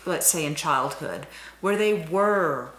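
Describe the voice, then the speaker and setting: A woman's voice: low-pitched, expressive, takes it slowly, fairly bright tone, echoey room, slight background noise. A woman hosting a talk show, asking questions and prompting her guest with short affirmations. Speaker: interviewer host.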